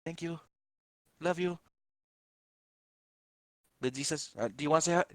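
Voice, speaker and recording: A man's voice: fairly high pitch, unhurried, fairly bright tone, no room sound. Laid-back joking man player, dry sound. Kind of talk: playing a tabletop game, casual.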